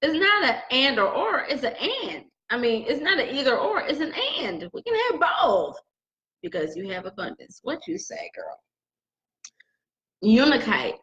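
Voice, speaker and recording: A woman's voice: medium pitch, fairly bright tone, roomy sound. A middle-aged woman teaching crystals in a casual video, joking and chatting straight to her viewers. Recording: dull lo-fi sound.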